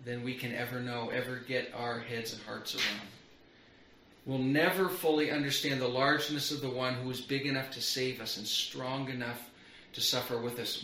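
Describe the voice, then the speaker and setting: A man's voice: mid-range voice, sharp tone, a little hiss or hum. A middle-aged man preaching a sermon as pastor, earnest and building on repeated phrases. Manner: earnest, repetitive build-ups. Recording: roomy echo.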